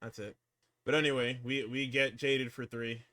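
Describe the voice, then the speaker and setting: A man co-hosting a casual, profane talk show, recapping wrestling and swinging between hyped outbursts and low muttering. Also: level tone, normal speed, pushed and bright. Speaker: podcast co-host recapping wrestling.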